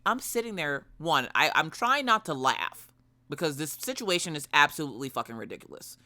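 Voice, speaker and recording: A woman streamer telling a story in casual chat, animated and swearing freely. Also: low-pitched, brisk.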